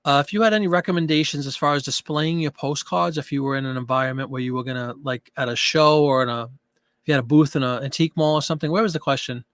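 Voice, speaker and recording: A man's voice: fairly high pitch, fairly even intonation, fast, a bit bright, dry recording, clean studio sound. Chatty man hosting a live stream. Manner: chatty, reads out viewer comments and answers them. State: out of breath. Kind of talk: casual live chat with viewers.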